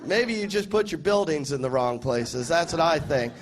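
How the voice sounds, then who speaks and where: An American man performing a stand-up comedy set, sarcastic and deadpan, mock-outraged when quoting people. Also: fairly high pitch, normal speed. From United States. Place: large comedy festival stage with cheering audience.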